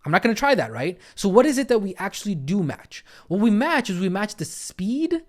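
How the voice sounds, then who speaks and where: A man's voice: high-pitched, big pitch swings, fairly quick. A man giving a recorded coaching lesson, explaining listening skills step by step and often checking in with the listener. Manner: repetitive teaching cadence, frequent "right?" and "okay?" check-ins. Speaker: coaching trainer.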